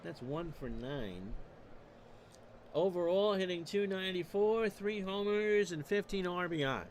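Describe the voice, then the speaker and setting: A man calling baseball play-by-play for a streamed replay, measured and stat-heavy with dry asides. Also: high-pitched, expressive, a little hiss or hum. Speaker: play-by-play announcer.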